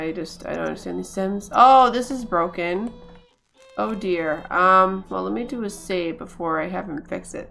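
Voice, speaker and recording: A woman's voice: medium pitch, vocal fry, a bit bright. Giggly woman chatting over a game. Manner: chatty, giggly, talks to her pets and game characters. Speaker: gaming video creator. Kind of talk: casual let's-play commentary. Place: at home.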